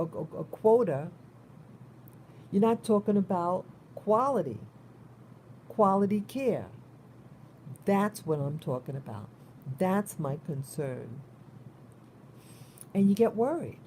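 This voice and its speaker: A woman's voice: mid-range voice, warm tone, a little hiss or hum. A woman talks in a casual, rambling monologue, repeating and restarting words with a concerned tone. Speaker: vlogger.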